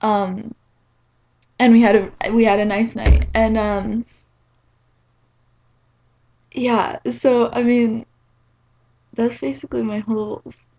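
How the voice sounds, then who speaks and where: Teen vlogger, 18, woman from New Jersey; higher voice, rambling excited delivery packed with "like.". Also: takes it slowly, gravelly, long pauses, highs cut off, a little hiss or hum. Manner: rambling and excitable, fillers like "like" everywhere. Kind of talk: casual storytelling to camera.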